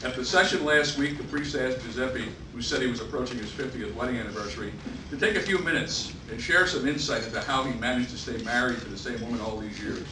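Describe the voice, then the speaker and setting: A man's voice: medium pitch, fast talker. An older man at a party, telling a joke to the guests as a jovial, chuckling storyteller. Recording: echoey distant room, background noise.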